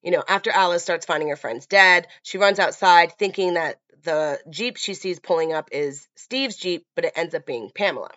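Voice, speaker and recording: A woman's voice: fairly low pitch, normal speed, hardly any pauses, a bit bright, no echo. A woman hosting a podcast, chatting casually about a film with lots of fillers, in a dull lo-fi recording. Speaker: podcast host.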